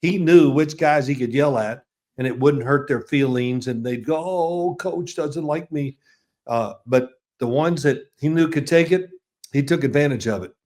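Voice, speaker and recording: A man's voice: medium pitch, normal speed, a little mellow. A man in his sixties, a football analyst guest, telling chatty, rambling anecdotes with restarts and chuckles in a casual interview.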